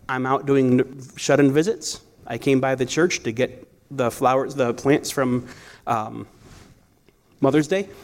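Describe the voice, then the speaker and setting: A man preaching a sermon in a conversational storytelling way, often restarting his sentences. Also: mid-range voice. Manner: conversational, storytelling, self-correcting. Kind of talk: sermon with personal stories.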